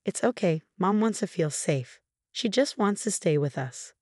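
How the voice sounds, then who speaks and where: A woman's voice: fairly low pitch, lively intonation, measured pace, darkish tone, no echo, studio quality. A woman reading the lines of a dismissive young husband in a story, curt and stubborn.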